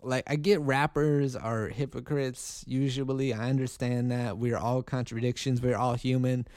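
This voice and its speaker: A man's voice: medium pitch, steady tone, normal speed, a little mellow, no room sound. A man hosting a solo podcast, ranting in a heated, profane way with many restarts, and he says he is angry. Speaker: podcast host.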